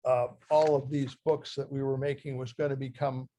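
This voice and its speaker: An older man from Ohio, a guest speaker who reads from his memoir in a halting, heartfelt way and often restarts his phrases. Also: mid-range voice, flat delivery, mellow, slight background noise. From Ohio, USA. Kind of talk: talk reading from his memoir.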